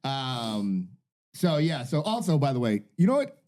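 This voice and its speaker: A man's voice: mid-range voice, sing-song, measured pace, darkish tone. A man co-hosting a podcast, telling rambling, profane stories in casual chat. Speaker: podcast co-host.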